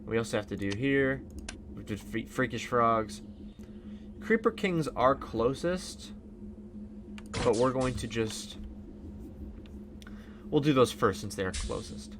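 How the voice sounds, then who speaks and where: A man's voice: mid-range voice, animated, slow pace, pauses often, background noise. A man giving casual, rambling gameplay commentary with lots of fillers. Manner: rambling, chatty, many fillers. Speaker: let's play host.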